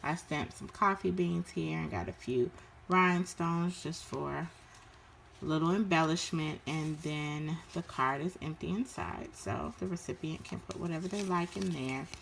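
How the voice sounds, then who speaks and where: A woman describing her handmade craft pieces in a casual show-and-tell, unhurried and full of ums and uhs. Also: deep voice, vocal fry, a little hiss or hum. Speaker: crafter showing her work.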